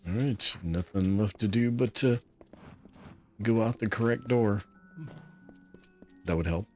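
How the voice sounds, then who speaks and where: Low-voiced guy chatting through a game, laid back, faint music behind. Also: a little slow. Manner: relaxed, musing aloud, chatty. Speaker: gameplay host. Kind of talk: let's play commentary.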